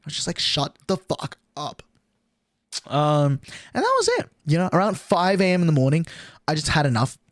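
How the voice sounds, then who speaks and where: A man's voice: on the high side, very animated, quick pace, no room sound, studio quality. A young adult man streaming, telling a story casually to his chat, swearing often and filling with "like". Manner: crude, swears a lot, lots of "like" fillers.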